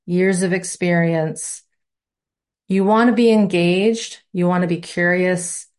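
Lower-pitched woman teaching a class. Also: a little mellow. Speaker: course instructor. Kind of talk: live online class talk.

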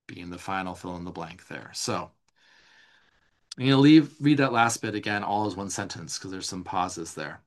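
A man leading a live somatic class, reading notes aloud and explaining them in a relaxed, conversational way, responding to viewer questions. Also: sits low, moderate pace. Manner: reads slides aloud, then explains in casual asides. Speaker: somatic teacher. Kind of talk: live online class teaching.

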